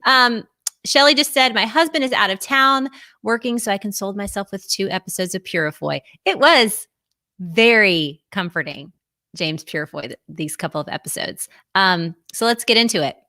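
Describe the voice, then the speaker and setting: A woman's voice: medium pitch, expressive, normal speed, bright, forceful tone, dry recording, studio quality. A woman hosting a casual live-streamed chat, bubbly and chatty and laughing often, on a video call. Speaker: host.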